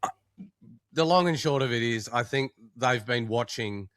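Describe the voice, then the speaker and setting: A man's voice: medium pitch, moderate pace, a bit bright, dry recording, studio quality. An Australian man co-hosting a podcast, sick and coughing, joking and laughing through casual banter. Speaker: podcast co-host. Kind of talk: casual chat.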